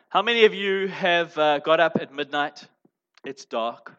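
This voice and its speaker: A man preaching a sermon as pastor, emphatic, moving between loud stressed phrases and quiet asides. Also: fairly high pitch, measured pace, clean tone. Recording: dull lo-fi sound.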